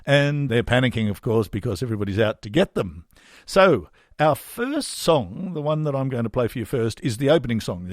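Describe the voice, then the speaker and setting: Podcast host: middle-aged Australian man, wry and rambling, mid pitch, very dry sound. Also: no room sound. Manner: chatty, wry, rambling with fillers. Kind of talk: casual podcast monologue.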